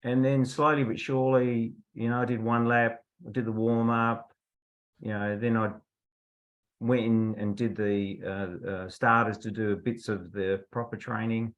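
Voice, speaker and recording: A man's voice: on the low side, flat delivery, a little slow, lo-fi sound. A man, a veteran football umpire, telling anecdotes casually on a video call. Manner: chatty anecdotal storyteller, laughs at his own stories.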